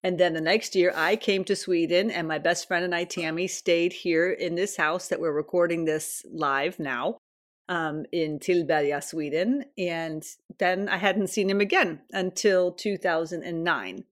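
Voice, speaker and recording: A woman's voice: lowish voice, steady tone, measured pace. A woman in her fifties hosting a podcast at home, telling personal stories in a chatty, casual way. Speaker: podcast host.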